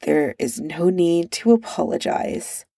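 A woman voicing a proud young male crown prince who talks in a gruff, snappish way while drunk, read from a storybook. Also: fairly low pitch, lively intonation, takes it slowly, warm tone, dry recording, clean studio sound, heavily acted. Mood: sullen.

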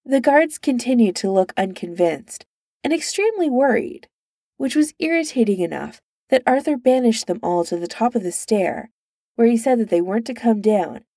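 A woman narrating a story aloud in an unhurried, steady storytelling manner. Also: fairly low pitch, no echo, clean studio sound. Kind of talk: reading fan fiction aloud.

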